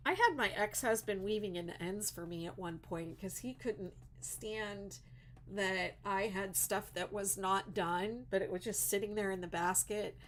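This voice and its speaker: A woman crochet designer chats casually on a livestream and reads viewer comments, growing teary and emotional and using lots of fillers. Her voice is mid-range, with slight background noise.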